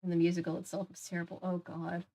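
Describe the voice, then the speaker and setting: A woman's voice: on the low side, monotone, quick pace, dark tone. Chatty woman streamer reading aloud. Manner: chatty, reacts to chat, reads aloud. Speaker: streamer reading a mystery book. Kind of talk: casual livestream chat and reading aloud.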